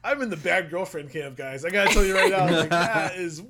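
A man hosting a casual chat podcast with a slightly higher voice. He laughs a lot and gets animated when he quotes lines. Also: fairly quick, over a noisy crowd. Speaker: podcast host.

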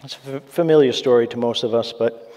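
A man preaching a sermon, earnest and conversational, slipping in asides to his listeners. His voice is mellow and dark, sitting at an ordinary pitch. The sound carries the long reverb of a large church sanctuary. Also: fast.

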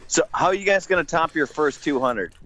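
A man with a slightly high, lively voice teases the hosts with wry remarks. A crowd is clearly audible behind. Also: fairly quick. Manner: wry, teasing. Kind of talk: casual chat.

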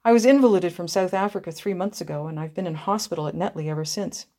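A woman's voice: on the low side, quick pace, warm tone, natural voice. A woman doing a rueful young soldier. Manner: plain-spoken, rueful. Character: young wounded male soldier, rueful but game.

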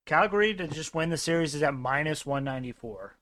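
A man with a slightly higher voice co-hosts a casual sports podcast. He talks in a laid-back way, pausing often on ums and uhs as he works through his picks. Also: animated, a bit bright. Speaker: podcast co-host. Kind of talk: casual sports betting chat.

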